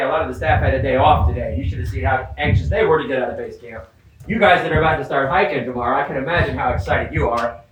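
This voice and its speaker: A man's voice: fairly high pitch, fairly bright tone, slight background noise. A man from the Midwestern US preaching an outdoor homily as a priest, conversational, with joking asides and repeated words. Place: outdoors in the mountains. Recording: echoey, distant outdoor sound.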